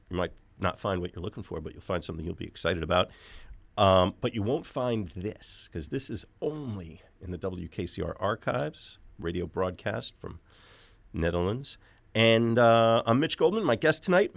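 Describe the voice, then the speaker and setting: Speaking at normal speed in a low register with vocal fry, a radio host runs a music show from his studio. He's casual and talkative, leaning on plenty of fillers, and there's no room sound in the audio.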